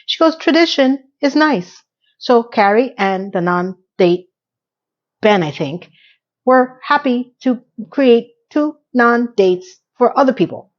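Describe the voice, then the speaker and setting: A woman's voice: on the high side, lively intonation, slow pace, lo-fi sound. A woman giving a casual, opinionated recap of a TV episode. She retells scenes by acting out the quotes and drops blunt asides.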